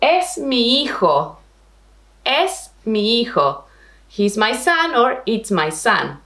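Slow, lively woman Spanish teacher. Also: a little high, roomy sound. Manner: slow, careful modeling of pronunciation. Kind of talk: language lesson with repeat-after-me drills.

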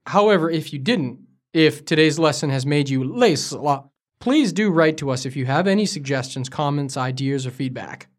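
A man's voice: a little high, lively intonation, normal speed. Man co-hosting a language lesson. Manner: curious learner asking for examples. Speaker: co-host. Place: studio in Beijing.

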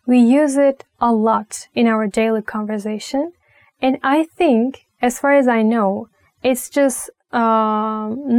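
A young woman with a Turkish accent teaching a language lesson, talking slowly and patiently, repeating phrases with many fillers. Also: a little high, a little mellow, no room sound. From Turkey. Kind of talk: relaxed spoken language lesson.

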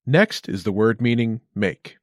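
A man hosting a short language lesson, reading scripted narration with a clear, upbeat instructional delivery. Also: on the low side, a little slow, dry recording, studio quality.

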